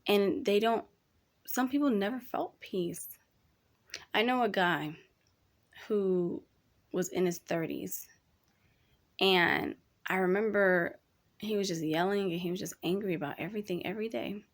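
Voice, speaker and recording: A woman's voice: medium pitch, a little slow, pauses often. A young woman hosting a casual advice talk, speaking candidly and chattily, addressing listeners as y'all. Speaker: podcast host.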